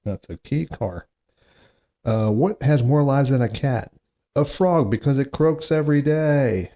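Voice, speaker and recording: A man's voice: mid-range voice, measured pace, warm tone, a faint crowd, a little hiss or hum. A man hosting a solo comedy podcast, reading corny jokes aloud with chatty, self-mocking asides and groans at how bad they are. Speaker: podcast host.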